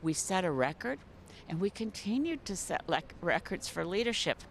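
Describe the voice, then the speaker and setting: Gravelly woman politician, earnest tribute. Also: fairly low pitch, sing-song, normal speed, slight background noise. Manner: earnest, reflective, searching for words. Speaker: politician, interview guest. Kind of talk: news interview tribute.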